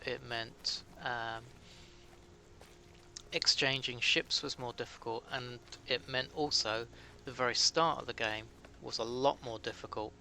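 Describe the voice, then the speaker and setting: A British man livestreams a game and chats casually with his viewers, teasing himself as he goes. His voice is gravelly, with a sharp, bright edge. A faint noise runs under the recording. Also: medium pitch. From Britain. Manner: chatty, answers chat while playing, self-mocking. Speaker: game streamer. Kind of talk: casual live-stream chat.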